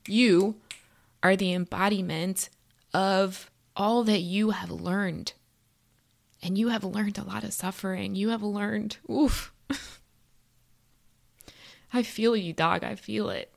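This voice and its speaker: A woman's voice: medium pitch, steady tone, slow pace, gravelly, pauses often. A woman giving a spiritual tarot and astrology reading in an earnest, encouraging way, casually profane and slangy.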